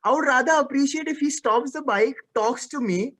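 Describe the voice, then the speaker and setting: A young man, an actor being interviewed, telling lively anecdotes and acting out the voices in them. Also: very high-pitched, normal speed. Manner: animated storyteller who acts out the voices in his stories.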